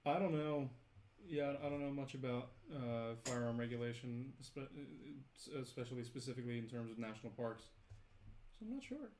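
A man's voice: mid-range voice, animated, normal speed, a little mellow, a little hiss or hum. A young man co-hosting a livestream, casually reading out viewer messages with a few fillers. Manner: reads viewer messages aloud, easygoing, fillers. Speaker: podcast co-host reading donations.

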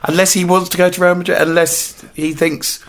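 A man's voice: sits high, little pitch movement, a little fast. A man in a casual football chat, joking and easygoing.

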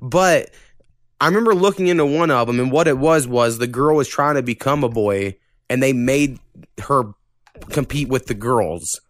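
A man's voice: mid-range voice, normal speed, no room sound. A young man hosting a podcast in loose, profane casual chat, rambling with lots of fillers into a close mic. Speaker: podcast host.

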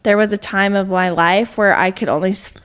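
A young woman co-hosting a casual chat podcast, playful and teasing, firing back quick comebacks. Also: mid-range voice, fairly bright tone. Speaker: podcast co-host.

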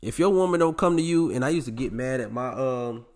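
A male podcast host talks in a casual, blunt monologue at a middle pitch. He lectures his male listeners directly and doesn't soften anything, and he swears as he gets more raw. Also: expressive, brisk.

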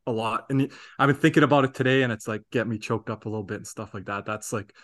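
A man's voice: medium pitch, quick pace. A man co-hosting a fan podcast in casual sports chat, talking in a rambling, earnest way. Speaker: podcast co-host.

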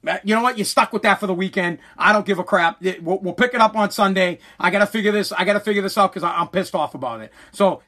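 Agitated, high-pitched male podcast host. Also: pushed and bright. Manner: profane, agitated ranting with repeated stammers. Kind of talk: solo podcast rant.

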